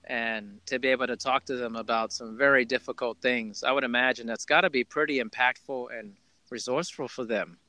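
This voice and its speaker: A man hosting a podcast, telling a heartfelt parenting story in a warm, rambling conversational way with restarts. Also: mid-range voice, fairly even intonation, brisk, no room sound. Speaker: podcast host. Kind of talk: casual conversational interview.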